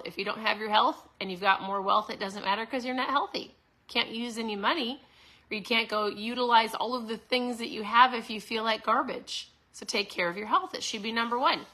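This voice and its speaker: A woman in her forties hosting a casual motivational talk, upbeat and chatty, often tossing in a quick "right?" to her listeners. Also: mid-range voice, pushed and bright. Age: 40s. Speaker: host.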